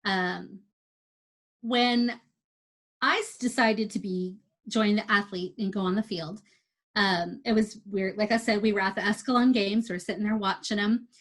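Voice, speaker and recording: A woman telling a lively, casual story about competing for the first time as an amateur athlete. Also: medium pitch, moderate pace. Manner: chatty, animated retelling with quoted dialogue.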